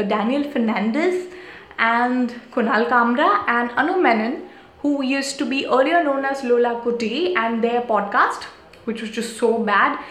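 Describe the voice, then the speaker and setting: A woman's voice: on the high side, a bit bright. Whispering giggly woman streaming live. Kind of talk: casual live-stream chat. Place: small tiny room indoors. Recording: echoey small room, faint background noise.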